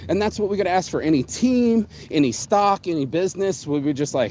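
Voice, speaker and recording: A man with a somewhat high voice rambles through a casual motivational livestream chat. He talks in a loose, streetwise way, swearing freely and dropping "bro" often. A faint hum of room ambience sits behind him. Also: lively intonation, a little fast, darkish tone. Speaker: vlogger.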